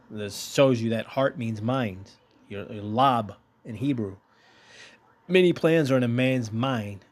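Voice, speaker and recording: A man teaching from the Bible in a casual, blunt way, reading verses aloud, swearing freely, and asking rhetorical questions. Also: mid-range voice. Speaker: preacher teaching scripture.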